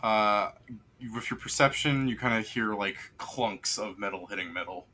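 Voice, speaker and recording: A man's voice: lowish voice, normal speed, bright, forceful tone, slight background noise. A man narrating a tabletop game as game master, describing scenes in a rambling way full of fillers.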